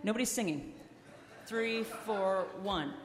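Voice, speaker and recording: A woman singer speaks slowly in a medium-pitched voice, bantering with a concert audience between songs. Heard through a stage mic in an echoey concert hall with music, she teases and coaxes the crowd in a playful, joking way.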